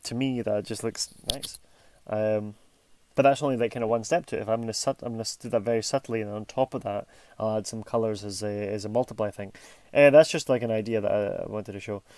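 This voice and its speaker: A man's voice: fairly low pitch, fairly even intonation, fast, a little mellow. Chatty man narrating his drawing. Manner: rambling, self-interrupting, chatty. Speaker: artist streaming his drawing. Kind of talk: casual narration while drawing.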